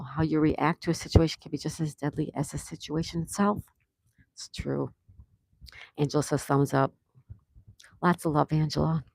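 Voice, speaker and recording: A woman's voice: deep voice, creaky. A woman hosting a casual outdoor live stream, reading viewer comments aloud and chatting back to them. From USA. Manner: reads viewer comments aloud and chats warmly. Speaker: livestream host.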